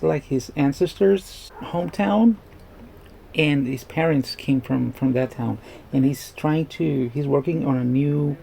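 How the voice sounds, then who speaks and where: A man's voice: a little high, gravelly, mellow, a little hiss or hum. A man chatting casually as he reacts to a movie, rambling and joking with frequent restarts. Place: indoors at home.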